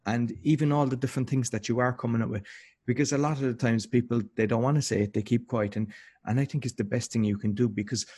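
A man interviewing a guest in a relaxed conversation, reflective and encouraging, sometimes repeating words. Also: mid-range voice, quick pace, husky.

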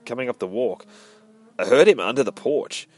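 A man's voice: medium pitch, animated, moderate pace, dry recording, natural voice. A man voicing a friendly, easygoing teenage boy in a casual, chatty way while reading a comic aloud. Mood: curious.

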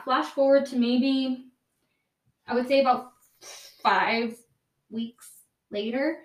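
A woman's voice: a little high, distant mic. A young woman casually telling a story, rambling and profane, full of fillers and self-corrections. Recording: echoey room, voice off-mic.

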